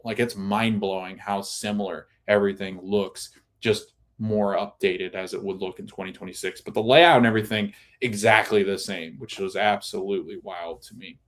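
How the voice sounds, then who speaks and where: A podcast host, a man, recaps a TV episode in a casual, animated way. He backtracks and restarts often, and his voice sits a little low. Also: normal speed, hardly any pauses. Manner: animated storytelling with many restarts.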